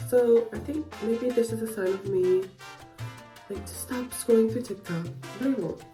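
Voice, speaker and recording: A woman's voice: a little high, normal speed, mellow, low-quality recording. A young woman vlogging her week in a casual, chatty way, swearing freely and giggling now and then. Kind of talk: casual vlog chat. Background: music.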